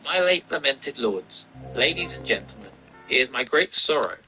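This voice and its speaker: A man voicing a proud, touchy old gentleman ghost with a stiff, formal manner. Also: medium pitch, animated, moderate pace, soft background music, poor audio.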